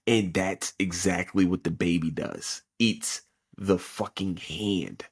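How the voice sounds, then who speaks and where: A young man hosting a podcast, casually recapping an anime episode in an excitable, profane way with lots of fillers. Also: deep voice, a little slow, slightly rough. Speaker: podcast host.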